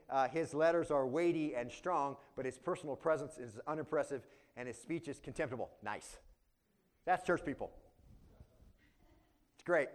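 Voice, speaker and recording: Preaching an expository sermon verse by verse, this man has a voice on the high side. He keeps a conversational tone, repeatedly engages the congregation, and moves back and forth from forceful emphasis to soft asides.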